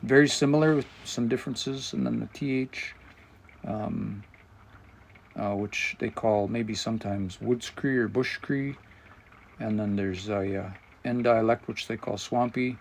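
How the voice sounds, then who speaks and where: A man leads a live language lesson, his voice gravelly with fry. He talks things through out loud, stopping now and then to find the right word while he explains the grammar. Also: mid-range voice, steady tone, a little slow, a little hiss or hum. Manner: thinking aloud, explanatory, searching for words. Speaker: language teacher and livestream host.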